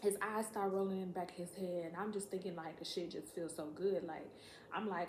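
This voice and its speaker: A woman telling a story to camera in a casual, profane, animated way, acting out what people said. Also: lowish voice, normal speed, a little hiss or hum. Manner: profane, animated, acts out quotes. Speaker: storytime vlogger. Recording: echoey room.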